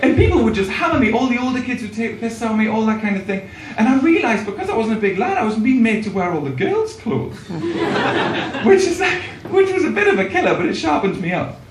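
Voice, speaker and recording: Rambling self-mocking Geordie comic. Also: male voice, very high-pitched, very animated, brisk, distant mic, noisy background. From Newcastle, England. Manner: rambling, self-deprecating, laughing at himself. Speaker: stand-up comedian. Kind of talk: stand-up comedy set. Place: comedy club stage, first gig. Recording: echoey club, recorded from afar.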